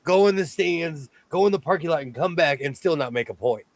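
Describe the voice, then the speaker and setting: A man's voice: a little high, animated, brisk, rough recording. A man hosting a casual chat, talking in an easygoing way with lots of restarts and self-corrections. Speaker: host.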